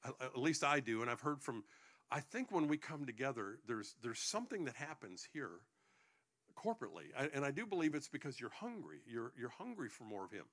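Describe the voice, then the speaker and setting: A man's voice: medium pitch, very animated, fairly quick, a bit bright. A male pastor preaching a sermon to his congregation, joking between points and often restarting his sentences.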